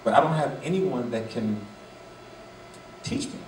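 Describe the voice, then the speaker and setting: A man's voice: medium pitch, lively intonation, unhurried, a little mellow, a little hiss or hum, natural voice. A man quoting a hopeful little boy who lost his father, in an echoey hall from a distant mic. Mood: earnest. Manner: hopeful, small questions.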